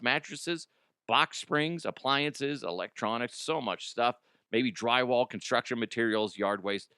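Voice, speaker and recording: A man's voice: a little high, fairly bright tone, no room sound, studio quality. A man hosting a casual sports talk show, joking and self-mocking while reading a sponsor ad. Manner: joking, self-mocking, jumps into silly voices. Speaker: sports radio host.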